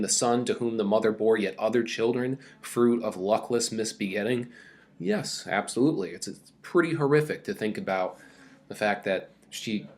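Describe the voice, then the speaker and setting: A man teaching a casual recorded mini-lecture, talking loosely with many fillers and reading quoted passages aloud with more energy. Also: fairly low pitch.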